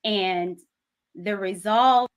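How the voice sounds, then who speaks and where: A woman with a Southern US accent, a content creator speaking in a measured, earnest way on a panel discussion. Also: mid-range voice, clean tone, muffled recording.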